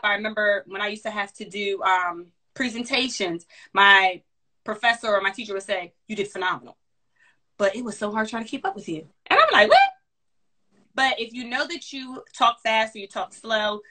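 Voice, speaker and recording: A woman career advisor giving interview tips in a fast, animated, sassy casual chat. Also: on the high side.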